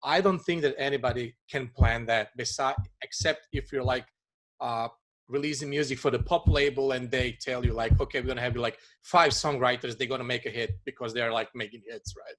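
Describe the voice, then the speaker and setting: A man's voice: mid-range voice, steady tone, brisk, fairly bright tone. A man hosting a casual chat with a producer, musing at length about the music business. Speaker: podcast host.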